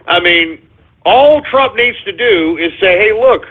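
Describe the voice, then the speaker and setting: A man's voice: high-pitched, animated, slow pace. A man hosting a political talk radio show, ranting angrily and profanely and calling his listeners folks. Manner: angry, profane, ranting, says "folks" often. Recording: tinny phone-line audio.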